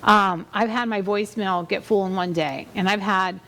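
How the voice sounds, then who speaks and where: Chatty woman with a gravelly edge. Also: mid-range voice, steady tone, normal speed, sharp tone. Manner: chatty and rambling, with many fillers and restarts. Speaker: realtor hosting a real estate show. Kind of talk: casual conversational storytelling.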